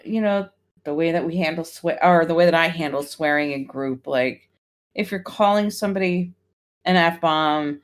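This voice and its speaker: Woman cohost chatting, kinda low voice, frank and easygoing. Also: moderate pace. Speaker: podcast co-host. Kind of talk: casual chat.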